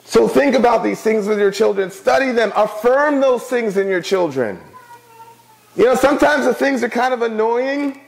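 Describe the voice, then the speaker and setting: A man's voice: extremely high pitch, lively intonation, normal speed, vocal fry, rough recording. A middle-aged man preaching a sermon as pastor, conversational, with frequent asides to the congregation.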